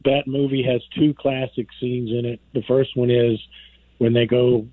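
A man calling in to a radio show, recounting scenes in a relaxed way. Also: medium pitch, moderate pace, no echo. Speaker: caller. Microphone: telephone. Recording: dry tinny phone line.

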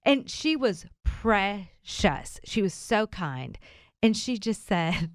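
A woman co-hosting a morning radio show, telling a funny story in casual chat, animated and often laughing as she acts out what people said. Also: mid-range voice, takes it slowly, no echo, studio quality.

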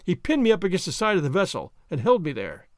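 A man reading a story aloud as narrator, expressive and dramatic. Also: sits high, fast talker, dry recording, studio quality. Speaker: audiobook reader.

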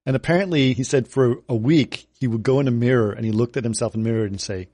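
A man co-hosting a podcast, telling stories in casual chat, chuckling and halting with fillers. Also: mid-range voice, dark tone, no echo. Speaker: podcast co-host.

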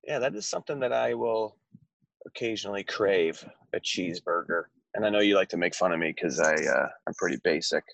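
Man, podcast co-host, husky, low voice, easygoing chat, calling in from a parked car, dry sound. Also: animated, fairly quick, a bit bright, no room sound. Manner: easygoing, laughing, rambling chat. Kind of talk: casual chat.

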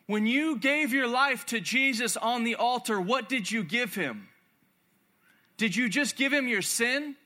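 A man's voice: very high voice, animated, measured pace, bright, forceful tone. A young man preaching a sermon to a large room, intense and emphatic, repeating his phrases.

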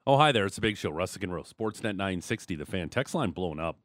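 A man's voice: low voice, expressive, quick pace, a bit bright, no room sound, studio quality. A man hosting a sports radio show, bantering casually and reading listener texts. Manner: joking, reads texts and ad reads. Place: radio studio.

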